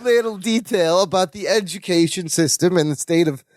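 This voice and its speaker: Over heavy background noise, a man with a high-pitched voice co-hosts a podcast at normal speed. He casually recaps a sitcom episode and animatedly acts out the characters' lines in playful voices.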